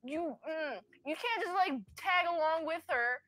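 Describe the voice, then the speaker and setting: A woman's voice: very high voice, a little slow, sharp tone, no room sound. A young woman giving a blunt, snarky, rambling movie review in a played video clip.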